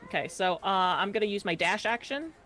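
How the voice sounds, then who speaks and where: A woman's voice: mid-range voice, lively intonation, a bit bright, faint music behind. A woman playing a tabletop game, thinking aloud with lots of fillers. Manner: unhurried, hesitant, thinks aloud with many fillers. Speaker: player.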